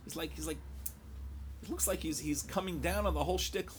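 A man's voice: a little high, fairly quick. A man teaching a Talmud lecture. He mixes English with Hebrew and Aramaic study terms and thinks aloud in rhetorical questions, often repeating words.

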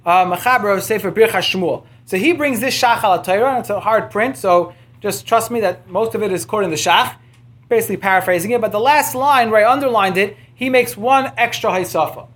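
A man's voice: sits high, fairly quick, a bit bright. A man teaching a Torah class, working through printed sources, reading Hebrew quotes and translating them, with frequent restarts. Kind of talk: text-based Torah lecture.

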